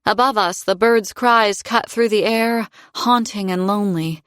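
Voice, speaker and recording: Woman reading a fantasy audiobook first person, mid voice, steady and expressive, dry close mic. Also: medium pitch, unhurried, smooth, no echo. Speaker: audiobook narrator.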